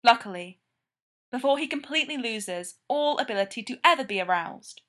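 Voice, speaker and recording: A woman reading a story aloud, narrating in a slow, measured way. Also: a little high, expressive, fairly bright tone. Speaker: reader of fan fiction.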